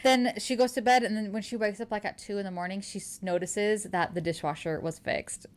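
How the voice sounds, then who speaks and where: A woman's voice: mid-range voice, a little fast. A woman co-hosting a podcast, casually retelling a novel's plot with lots of "like" and acted-out dialogue. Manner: animated storyteller, acts out dialogue, frequent "like". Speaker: podcast co-host. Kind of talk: casual book recap chat.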